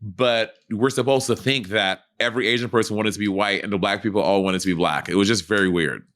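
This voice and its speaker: Bright-voiced man rambling co-host. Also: fairly low pitch, fast. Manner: rambling, self-correcting storyteller. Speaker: podcast co-host. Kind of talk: casual chat.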